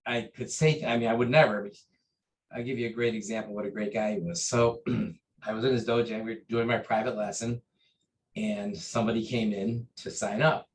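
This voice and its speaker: A man recounting memories of his teacher in an interview, earnest and halting, with many fillers and restarts. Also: on the low side, steady tone, slight background noise, poor audio. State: briefly choked up. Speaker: interview guest, taekwondo master. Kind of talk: conversational storytelling.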